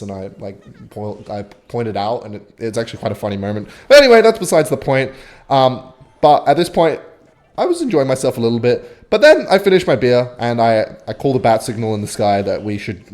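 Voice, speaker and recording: A young man telling a rambling, swear-filled story while commentating his own gameplay, with sudden excited outbursts. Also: lowish voice. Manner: animated, swearing, bursts of excitement while playing. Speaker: gaming vlogger.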